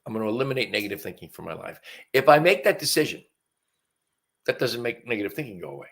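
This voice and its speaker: An earnest, folksy North Carolina man in his seventies hosts a live stream over a webcam, chatting casually with fillers and restarts and sniffling a little from allergies. His voice sits on the low side with big pitch swings, a fairly bright tone, and a fast delivery.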